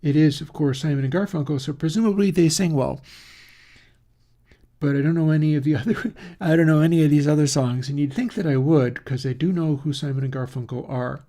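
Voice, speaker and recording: The host of an audio plugin channel speaks in a somewhat high, dark-toned voice at a fairly quick pace. His casual, rambling chat sounds like thinking aloud, with fillers and self-corrections.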